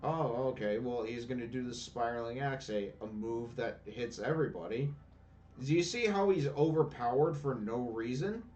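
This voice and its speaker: A man's voice: mid-range voice, moderate pace, darkish tone, far from the mic. A man giving casual let's-play commentary, ranting and swearing sarcastically about the game. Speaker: gameplay commentator. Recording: voice a bit off-mic, faint game music.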